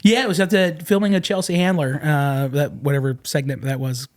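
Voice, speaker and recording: A man telling rambling, animated anecdotes as a podcast guest, with many fillers and restarts. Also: a little high, brisk. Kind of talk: casual storytelling. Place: podcast studio.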